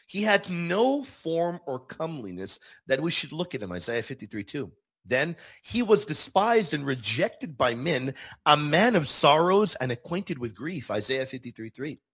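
Husky guy preaching on his talk show, earnest and emphatic, voice swoops up and down a lot. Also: on the high side. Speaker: show host. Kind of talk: Catholic teaching talk show.

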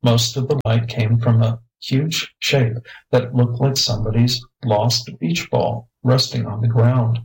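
A man's voice: mid-range voice, fairly even intonation, measured pace, creaky, few pauses, poor audio. A man steadily reading a children's space adventure story aloud. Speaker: narrator.

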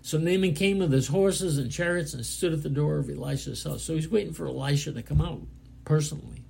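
A man delivers a sermon, reading verses and then explaining them in plain, earnest words. His voice sits a little high but is dark and mellow, with a heavy gravelly fry. He often restarts his sentences as he works through each thought. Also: a little fast. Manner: earnest, plainspoken, with frequent restarts and "you know". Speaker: preacher.

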